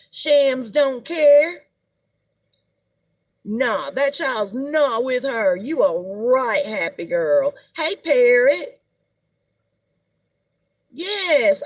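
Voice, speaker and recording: A middle-aged woman, hosting a casual live-stream gossip chat and greeting viewers as she talks. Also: high-pitched. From United States. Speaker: livestream host.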